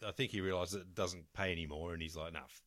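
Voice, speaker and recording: A man's voice: sits low, fairly even intonation, quick pace, fairly bright tone, no echo. An Australian man co-hosting a podcast, chatting casually with dry wisecracks. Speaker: podcast co-host. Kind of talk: casual chat.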